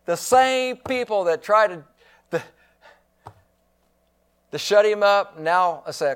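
A man's voice: sits high, lively intonation, slow, long pauses, clear, resonant tone. A man preaching a sermon as pastor, emphatic and given to repeating his phrases.

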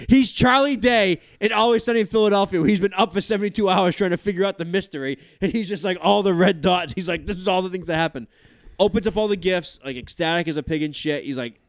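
Animated storytelling dad, dry mic. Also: male voice, sits high, a little fast, no echo. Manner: animated storyteller, swearing, many fillers. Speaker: podcast host. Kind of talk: casual chat.

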